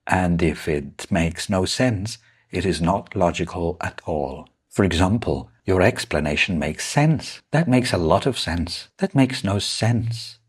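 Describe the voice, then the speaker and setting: Man, English teacher, scripted lesson, very deep voice, husky, deliberate. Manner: slow, deliberate explanations with repeated examples.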